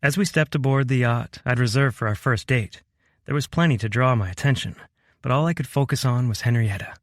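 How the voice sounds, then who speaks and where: A man reads a romance audiobook in the first person with an earnest, gentle delivery at a middle pitch. The recording is dry and close, made in a quiet booth. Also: fairly quick, no echo. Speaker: audiobook narrator. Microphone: close studio mic.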